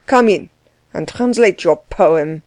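A woman's voice: fairly low pitch, animated, slow pace, a little mellow, dry recording. A woman reading aloud, voicing a harsh, bossy middle-aged German man who laughs at others. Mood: gruff.

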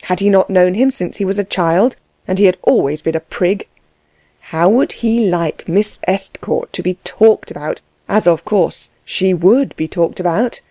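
Woman with a low, mellow reading voice. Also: measured pace, dry recording. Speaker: audiobook narrator. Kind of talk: scripted narration.

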